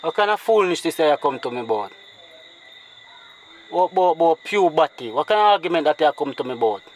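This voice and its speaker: A man's voice: fairly high pitch, expressive, fairly quick, slight background noise, poor audio. A man with a Jamaican accent, scolding irritably in a comedy sketch.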